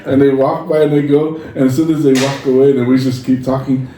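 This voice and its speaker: A man's voice: medium pitch, fairly quick. Man, echoey distant mic. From Samoa. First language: Samoan. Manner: animated storyteller who acts out quoted lines. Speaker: podcast co-host. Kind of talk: casual storytelling chat. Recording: echoey room, distant mic, faint noise.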